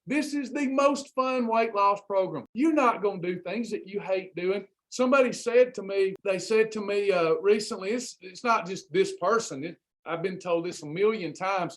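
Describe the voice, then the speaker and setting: A man's voice: high voice, moderate pace, hardly any pauses. A man hosting a Christian weight loss livestream, fired up and preachy, repeating his phrases. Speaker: host of a weight loss program. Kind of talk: Christian motivational livestream talk.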